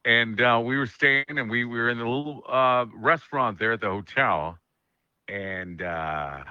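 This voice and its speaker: A man hosting a radio chat, telling jokey stories in an animated way. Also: medium pitch, clean tone, dry recording, dull audio. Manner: animated, jokey, quick asides. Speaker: radio host. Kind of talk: casual storytelling chat.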